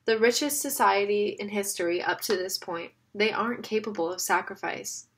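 Mocking smooth-talking bad guy, woman reading him in an audiobook, sly and coaxing. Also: medium pitch, moderate pace, slight background noise, natural voice. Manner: mocking, wheedling. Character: sly sarcastic middle-aged man, smooth-talking villain.

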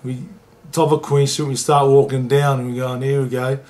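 A man, a former rugby league player telling an emotional story in an interview and getting lively when he quotes others. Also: mid-range voice, moderate pace. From New Zealand.

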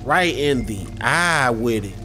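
A man's voice: medium pitch, lively intonation, slow pace, bright, forceful tone, soft background music. A man casually commentating his gameplay, rambling and speaking straight to his viewers. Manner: rambling, many fillers and restarts, addresses viewers directly. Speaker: gaming YouTuber.

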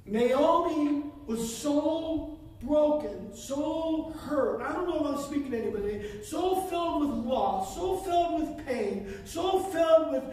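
High-pitched preacher guy, fervent sermon, repeats stuff for emphasis, sounds far off in a super echoey church. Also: animated, slow, darkish tone. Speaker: pastor. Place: church sanctuary.

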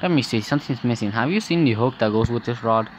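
A man's voice: medium pitch, fast, a little hiss or hum, natural voice. A man voicing a cheerful game smith. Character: friendly grown man, a metal smith.

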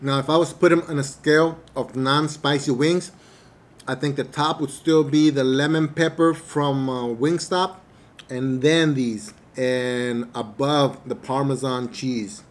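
A man doing a casual eating review to camera, relaxed and hesitant, with many fillers and chewing pauses, a little away from the mic. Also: mid-range voice. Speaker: mukbang vlogger. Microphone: camera mic at table distance.

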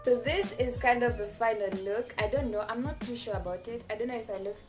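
In a fairly high voice and a slightly fast pace, a young woman talks to her camera from a home bathroom in a casual vlog. She jokes at her own expense and laughs a lot; the camera is set close by, and background music runs clearly under her.

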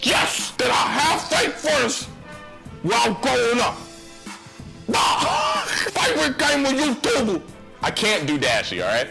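A man imitating an excitable young male gamer who shouts his lines. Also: very high-pitched, measured pace, vocal fry, music in the background, voice pushed up, exaggerated voice. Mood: hyped.

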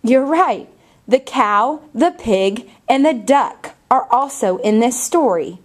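A woman teacher talks slowly to young children. Her voice sits a little high and moves up and down a lot as she asks questions. She speaks clearly and patiently. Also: lively intonation, darkish tone. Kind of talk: reading a picture book aloud to children.

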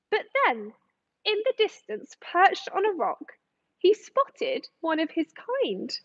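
A woman with a very high voice tells a rhyming children's story in a slow, sing-song way. The sound is dry and a little dull. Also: no echo. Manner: sing-song, expressive rhyming read-aloud. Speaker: aquarium educator reading a story to children.

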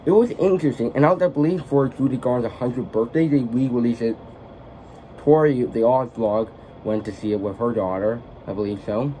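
A man talks through a casual film-review vlog, rambling and often stopping to correct himself. His voice is mellow and sits at an average pitch. A faint background hiss runs underneath. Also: low-quality recording. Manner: rambling, halting, self-correcting. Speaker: vlogger, film fan.

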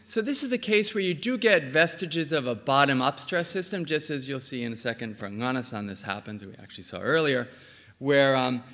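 A man's voice: medium pitch, bright, forceful tone. A man giving an academic conference talk on linguistics, explaining step by step with frequent ums and uhs. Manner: explanatory, frequent ums and uhs, says okay between points. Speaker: linguistics lecturer. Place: lecture hall. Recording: reverberant hall.

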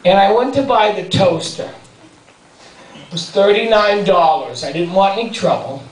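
A male stand-up comedian performing live on stage, ranting in exasperation and breaking into high-pitched shouting. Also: moderate pace, slight background noise. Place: theater stage before a large laughing audience. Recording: roomy live hall recording from a distance, loud audience.

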